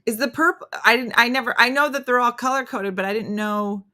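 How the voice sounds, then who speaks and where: A woman's voice: a little high, a little fast, pushed and bright. A woman comedian hosting a live morning show, chatting casually and self-deprecatingly, reading viewer comments as she goes. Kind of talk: casual live-stream chat.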